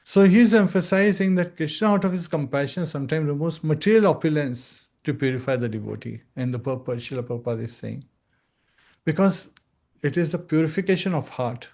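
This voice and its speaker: A man giving an earnest devotional scripture talk as a spiritual teacher, at times slowly singing chant phrases and acting out short dialogues. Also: a little high, a little mellow.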